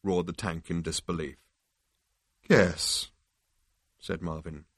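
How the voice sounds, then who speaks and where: Low-voiced man reading a book aloud. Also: animated, moderate pace, no echo, clean studio sound. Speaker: audiobook narrator. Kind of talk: scripted narration.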